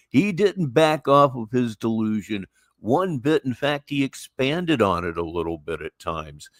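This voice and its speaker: A man's voice: mid-range voice, dry recording, clean studio sound. A middle-aged man hosting a casual livestream, reading viewer messages aloud and rambling on with repeats. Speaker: livestream host.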